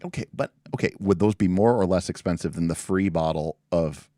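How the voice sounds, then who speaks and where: A man's voice: low-pitched, a little fast, warm tone, no echo, studio quality. A man hosting a livestream in casual, rambling chat with a self-deprecating, jokey manner. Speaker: livestream host.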